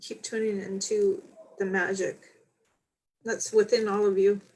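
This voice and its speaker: A tired woman speaks as a medium on a casual livestream. Her delivery is soft and heartfelt, halting now and then on fillers, with a voice of ordinary pitch for a woman. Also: level tone, poor audio. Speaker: spiritual medium hosting a livestream.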